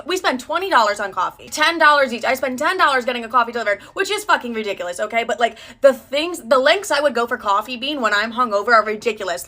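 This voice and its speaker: A woman's voice: fairly high pitch, sharp tone. A young woman telling a story casually, dramatic and self-mocking, full of swearing.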